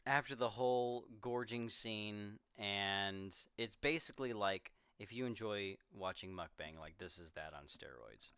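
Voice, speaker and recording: A young man co-hosting a casual film discussion, animated and acting out characters' lines as he retells scenes. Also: fairly low pitch, unhurried, hardly any pauses, clear, resonant tone, dry recording. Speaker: podcast co-host.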